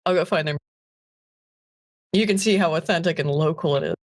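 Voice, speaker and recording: An American woman chatting casually on a livestream, animated and laughing often, trailing off and restarting. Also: low-pitched, brisk. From United States. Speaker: stream co-host.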